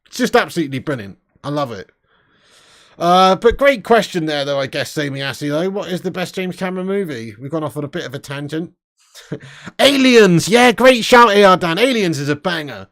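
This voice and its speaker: A young man hosting a casual livestream, reading super chats, loud and sweary with lots of banter. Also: a little high, lively intonation, normal speed. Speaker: livestream host.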